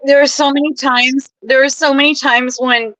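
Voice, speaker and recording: A woman's voice: sits high, level tone, normal speed, fairly bright tone, dry recording, rough recording. A woman activist guest on a casual livestream, tearful and overjoyed. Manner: emotional, overjoyed.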